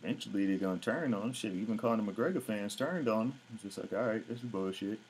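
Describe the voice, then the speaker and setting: Deep-voiced man ranting bluntly. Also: fast, darkish tone, slight background noise. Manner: blunt, profane, exasperated. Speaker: show host. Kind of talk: casual commentary to viewers.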